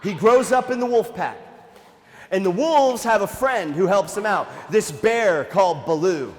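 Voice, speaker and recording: A man, a nature museum educator, telling a story to children in a playful, animated way and talking straight to the kids. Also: high voice, measured pace, long reverb tail.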